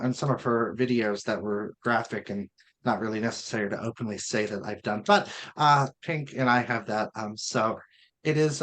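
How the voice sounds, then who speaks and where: A podcast co-host speaking hesitantly and softly with many fillers during a casual panel chat. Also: mid-range voice. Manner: soft-spoken, hesitant.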